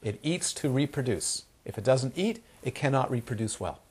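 A man's voice: mid-range voice, normal speed, slightly rough. A man giving a Dharma talk to students, full of rhetorical questions and playful asides. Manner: animated, asks rhetorical questions, acts out crying babies. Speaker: Dharma teacher.

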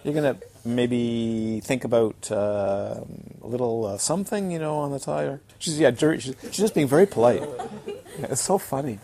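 A man's voice: mid-range voice, moderate pace, vocal fry, dark tone. A man teaching as a Buddhist teacher during a retreat, chatty and checking in with his listeners as he tells funny stories. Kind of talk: Dharma talk on a retreat. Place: retreat centre.

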